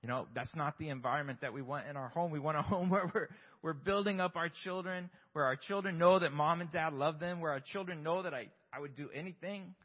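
Male pastor, husky mid-range voice, candid self-deprecating sermon, echoing church hall. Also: a little high, a little fast, hardly any pauses. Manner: candid, self-deprecating, asks rhetorical questions. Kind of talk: conversational sermon. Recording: long hall reverb, dull lo-fi sound.

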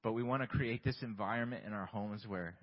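Male pastor, husky mid-range voice, candid self-deprecating sermon, echoing church hall. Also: on the low side, fairly quick. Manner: candid, self-deprecating, asks rhetorical questions. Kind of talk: conversational sermon. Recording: long hall reverb, dull lo-fi sound.

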